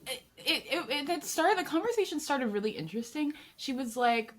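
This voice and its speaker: A woman's voice: high-pitched, moderate pace, few pauses. A woman co-hosting a podcast, chatting casually about a TV show and acting out quotes in different voices. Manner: animated, acts out quotes in varied voices. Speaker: podcast co-host. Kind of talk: casual TV review chat.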